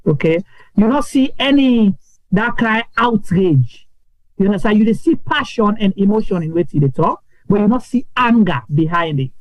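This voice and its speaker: A Sierra Leonean man with a Krio accent hosts a talk show in a fairly high voice. The sound is dry and close, and he presses his points while asking if others follow. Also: expressive, normal speed, no room sound, lo-fi sound. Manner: persuasive, asks for agreement.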